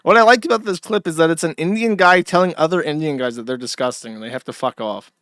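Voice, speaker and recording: A man's voice: a little high, fast, few pauses, fairly bright tone, no echo, studio quality. A man hosting a livestream, ranting and swearing in casual commentary. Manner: profane, ranting. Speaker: stream host.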